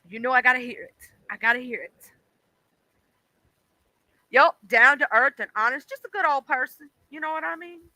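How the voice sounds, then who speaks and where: A woman hosts a livestream in loose, chatty talk, swearing freely and leaning on fillers. Her voice sits high and sounds very bright and sharp. The sound is dry and close, with no room echo. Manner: chatty and profane, with lots of fillers. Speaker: livestream host. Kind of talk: casual livestream chat.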